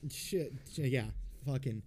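Mellow-voiced man telling a profane story. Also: mid-range voice, a little slow. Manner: profane, blunt and rambling, with frequent fillers. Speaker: podcast host. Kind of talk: casual storytelling.

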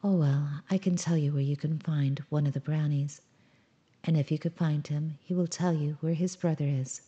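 A woman with a low, dark voice voicing a hoarse, wise old female owl who speaks in a hushed, knowing way. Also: fairly even intonation, moderate pace, highs cut off, close to an everyday voice.

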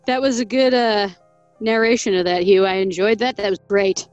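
A woman's voice: medium pitch, normal speed, darkish tone, no room sound, muffled recording, soft background music. A woman co-hosting a podcast, chatting casually and laughing often. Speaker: podcast co-host. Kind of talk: casual chat.

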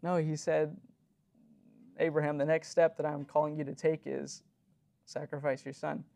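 A man's voice: on the high side, level tone, normal speed, vocal fry, darkish tone. A young man giving an earnest, conversational sermon as a youth leader, full of fillers and short nervous laughs.

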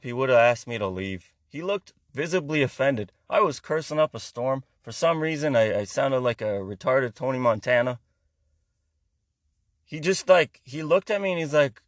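A man's voice: medium pitch, no room sound. A man, delivering a rambling, profane, sarcastic comedy rant. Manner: heavy swearing, rambling, sarcastic.

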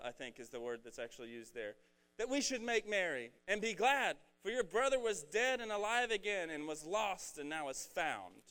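A man's voice: a little high, sharp tone, smooth. A young man giving a casual sermon, joking and slangy as he explains a Bible story. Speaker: preacher.

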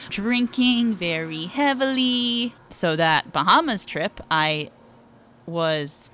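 A woman's voice: lowish voice, fairly bright tone, slight background noise. A woman guest on a podcast, telling a personal story frankly and vividly, holding nothing back.

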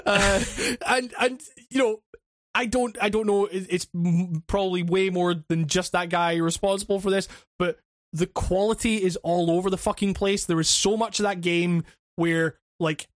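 A man's voice: sits high, steady tone, normal speed, dry recording, clean studio sound. A man on a podcast, ranting casually with lots of swearing, fillers and restarts. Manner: rambling, profane, many restarts and fillers. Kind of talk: casual chat.

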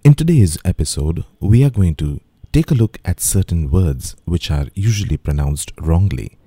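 A man hosting a podcast and teaching pronunciation in a careful, measured lesson, word by word. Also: sits low, animated, dark tone, husky, no echo, studio quality. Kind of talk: slow, deliberate pronunciation lesson.

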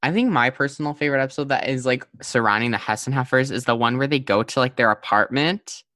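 A man's voice: medium pitch, fast talker, sharp tone, dry recording. A young man hosting a casual podcast chat, hedging and filling with "like" as he talks. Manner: chatty, filler-heavy, hedging with "like". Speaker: podcast host.

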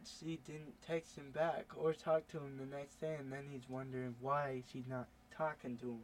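A man's voice: mid-range voice, flat delivery, normal speed, over a noisy crowd. A teenage boy in casual chat, often chiming in and cutting across with short remarks.

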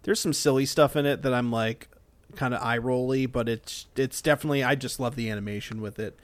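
A man's voice: mid-range voice, fairly even intonation, a little fast, dry recording. Man, casual podcast chat, jokey, sarcastic, dry recording. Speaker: podcast co-host.

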